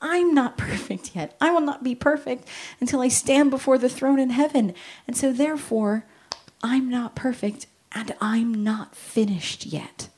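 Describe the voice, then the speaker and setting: A woman and parent giving a lively Christian talk on parenting, joking and acting out little quoted voices. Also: high voice, moderate pace, few pauses. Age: adult with children. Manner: animated, jokey, acts out quotes.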